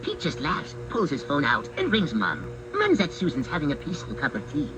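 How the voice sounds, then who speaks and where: A man telling comic stories in the first person as a mischievous pet cat, in a wry, mock-serious, deadpan manner. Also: on the high side, brisk, low-quality recording. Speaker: narrator speaking as a pet cat. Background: background music.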